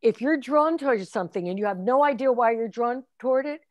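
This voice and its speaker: A woman's voice: fairly high pitch, animated, fairly quick, no echo, muffled recording. A woman film instructor speaking in casual conversation, reflective and encouraging.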